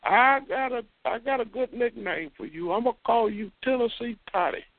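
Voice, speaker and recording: A man needling a caller with mock praise. His voice is high, with no room sound at all, squeezed through a thin phone-line band. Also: lively intonation, normal speed, creaky, dry recording. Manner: mocking, laughing, taunting. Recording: dry tinny phone line.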